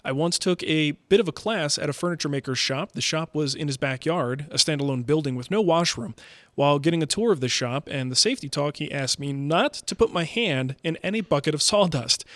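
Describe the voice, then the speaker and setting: A man with a somewhat high voice co-hosts a casual podcast chat. He reads listener emails aloud and breaks in with jokes. The sound is dry and close to the mic. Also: a bit bright, no room sound. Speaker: podcast co-host.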